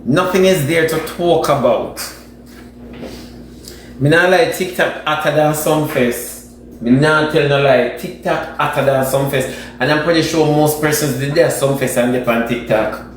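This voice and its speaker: Jamaican guy spilling gossip, high voice, dramatic n sassy, super echoey room w faint hiss. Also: a little slow. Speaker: social media commentator. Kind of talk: gossipy reaction commentary.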